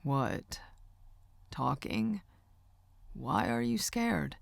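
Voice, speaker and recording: Low-voiced, soft-spoken uncle for an audiobook, a woman reading him, gravelly and dry. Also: animated, very slow, no room sound, full character voice. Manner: low, hushed and comforting. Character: gruff gentle uncle, older man, soft-spoken. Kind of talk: audiobook character voice.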